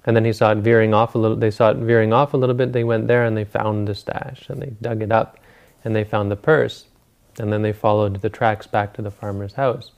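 A man, a Buddhist teacher, retelling a teaching story in a relaxed, conversational dharma talk. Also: lowish voice, brisk, vocal fry, lo-fi sound.

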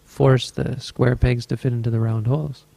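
A man's voice: mid-range voice, little pitch movement, normal speed, gravelly, dark tone, no echo. A man teaching as a Buddhist meditation teacher, telling a story in a dharma talk with an easygoing, rambling manner and frequent self-corrections.

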